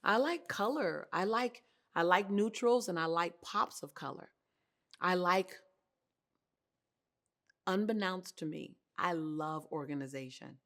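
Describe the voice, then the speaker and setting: A woman hosting a motivational talk to camera on an indoor set, speaking in an expressive, animated way and laughing often. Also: fairly low pitch, slow pace, long pauses.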